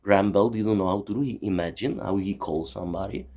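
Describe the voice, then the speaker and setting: Man in his forties, from Czechoslovakia, gravelly, low-pitched, profane, rambling, keeps saying "you see". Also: fast talker, dark tone. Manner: swearing, digressive, heavy "you see" and "you know". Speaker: channel host.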